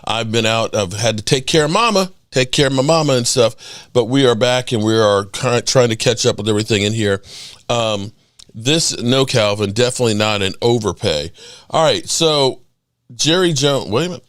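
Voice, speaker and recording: A man hosting a casual live sports stream, excitable and often restarting his words. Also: medium pitch, moderate pace. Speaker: sports channel host.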